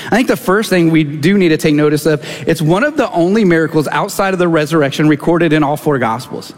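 High-voiced preacher man in a reverberant hall. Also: fast talker. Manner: earnest, personal storytelling. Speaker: pastor. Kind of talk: sermon. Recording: long church hall reverb.

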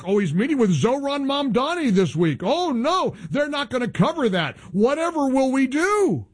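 A man hosting a talk radio show, delivering an opinionated monologue in a sarcastic, mocking tone. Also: high-pitched. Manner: animated, exclamatory.

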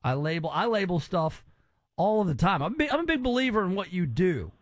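High-voiced joking male radio host. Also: very animated, a little fast, dry recording. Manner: joking, teasing, rambling. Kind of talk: casual radio banter.

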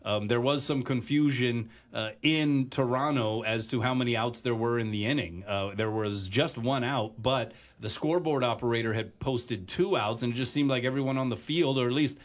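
A man hosting a sports talk radio show, chatting casually with many filler pauses. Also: mid-range voice.

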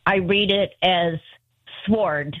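Slow-talking woman in her sixties calling in. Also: medium pitch. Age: 60s. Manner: chatty, apologetic, halting. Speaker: caller. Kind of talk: radio call-in chat. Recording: dull lo-fi phone line.

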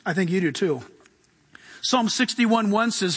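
A man preaching a sermon as pastor, animated, swinging from loud outbursts to hushed quiet. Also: high-pitched, measured pace, long pauses, breathy edge, long reverb tail.

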